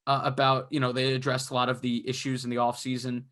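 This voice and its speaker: A man's voice: medium pitch, monotone, quick pace, fairly bright tone. A young man co-hosting a casual hockey podcast, talking through games in a rambling way full of fillers and restarts. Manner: rambling, filler-heavy analysis. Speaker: podcast co-host. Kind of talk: casual sports chat.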